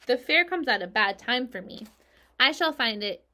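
A woman reading aloud and voicing a grown female spider who is calm, wise and self-assured, speaking in a firm, matter-of-fact way. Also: a little high, moderate pace. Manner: matter-of-fact and firm, a bit louder than the narration.

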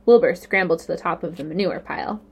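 A woman's voice: on the low side, fast talker. Woman reading a storybook aloud. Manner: clear, expressive storytelling. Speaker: narrator. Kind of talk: reading a children's novel aloud.

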